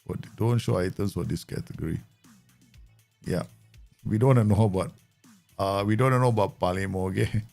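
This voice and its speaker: A man's voice: fairly low pitch, brisk, gravelly, pauses often, a little mellow, soft background music. A man chatting casually through a live stream of a football management game, laughing often and making playful asides.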